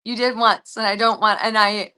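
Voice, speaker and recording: A woman's voice: mid-range voice, steady tone, normal speed, bright, forceful tone, smooth. A young woman from the United States, an actress chatting casually in an interview over a video call. She rambles, with a lot of fillers. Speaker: actress, guest.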